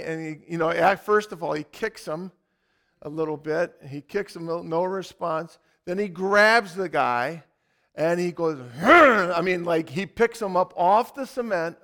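A pastor, a man with a fairly high, creaky voice, preaches a sermon, first relating his story with drama and animation, then turning to scripture.

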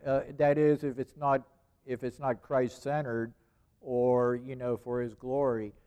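A man's voice: mid-range voice, flat delivery, a little slow, dark tone, clean tone. A man preaching a sermon in a conversational way, repeating phrases and asking rhetorical questions.

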